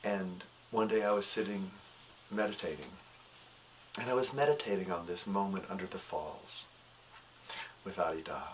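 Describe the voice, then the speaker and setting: A man telling a personal story, shifting between animated, laughing recollection and a soft, hushed, reflective tone. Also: low voice, normal speed, pauses often, a little hiss or hum. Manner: animated, laughing, acts out voices when excited. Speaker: devotee recounting a story.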